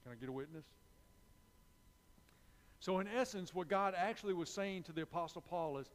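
Male preacher, slightly high voice, repeats his points for emphasis, long church-hall reverb. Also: moderate pace, long pauses. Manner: repetitive, emphatic preaching, confessional asides. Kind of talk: sermon.

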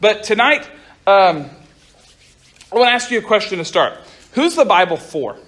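A young man giving a casual youth sermon to a group, talking fast and chatty, often stopping to restart his sentences. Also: high voice, very animated, fairly bright tone. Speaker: youth pastor. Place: room with a group of listeners.

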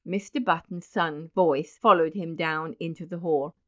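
A woman narrating a story aloud in a wry, expressive reading. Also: low voice, measured pace. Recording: dull lo-fi recording.

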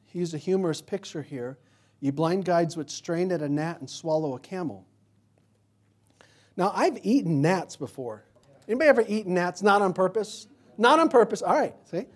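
A man's voice: sits high, expressive, normal speed, darkish tone. A man preaching a sermon in a conversational, joking way, asking the congregation questions. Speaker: pastor.

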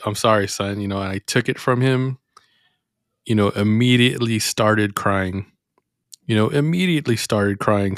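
A man's voice: fairly low pitch, a bit bright, smooth, no room sound, clean studio sound. A man hosting a faith podcast, reflective and meandering as he thinks aloud in casual talk. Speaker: podcast host.

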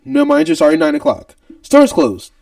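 Podcast co-host, man, high lively voice, gravelly edge, a bit off mic. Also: fairly quick, dry recording, far from the mic. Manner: animated, mimics shouting customers. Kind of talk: casual storytelling.

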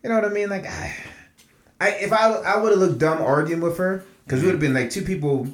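A man co-hosting a podcast, telling stories in a casual, animated and profane way. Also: sits high, brisk, reverberant, slight background noise. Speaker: podcast co-host.

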